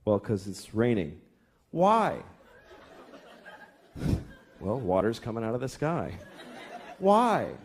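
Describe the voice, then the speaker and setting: A man's voice: mid-range voice, huge pitch swings, takes it slowly, pauses often, pitched below the performer's own voice, heavily acted. A man voicing his small daughter, who keeps asking why with insistent, repetitive questions. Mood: persistent.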